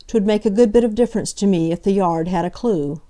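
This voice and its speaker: A woman voicing a slow, stolid young detective. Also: medium pitch, dark tone, natural voice. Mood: uneasy. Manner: slow, plain working-class speech.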